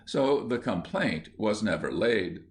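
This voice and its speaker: A man narrating a children's storybook in an even storytelling manner. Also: on the low side, takes it slowly. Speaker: audiobook narrator. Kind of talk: scripted narration.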